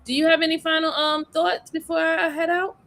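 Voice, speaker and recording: A woman hosting a casual livestream, talking in a lively, chatty way and reading viewer messages aloud. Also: extremely high pitch, brisk. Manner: animated, laughs often, reads super chats aloud. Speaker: livestream host.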